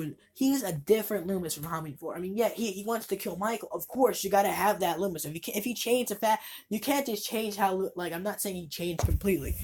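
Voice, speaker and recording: A woman's voice: on the low side, darkish tone, slight background noise. A woman giving a casual, rambling movie review, exasperated and swearing freely.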